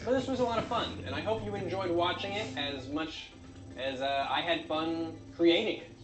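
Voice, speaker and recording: A man narrating his own craft video in a dry, deadpan comic way, with frequent filler sounds. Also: on the high side, moderate pace, reverberant, poor audio.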